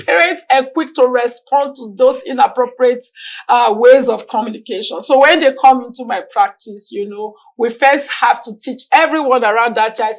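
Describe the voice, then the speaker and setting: A middle-aged woman, a speech-language pathologist talking on a TV talk show, animated and often acting out examples with a laugh. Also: fairly high pitch, low-quality recording.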